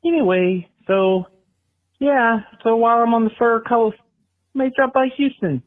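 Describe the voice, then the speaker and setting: A man's voice: extremely high pitch, a little slow. A man voicing a petty, boastful man with a lisp who leaves rambling voicemails and waves things off with "blah, blah". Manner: dismissive, trails off into "blah, blah". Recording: dull lo-fi voicemail audio.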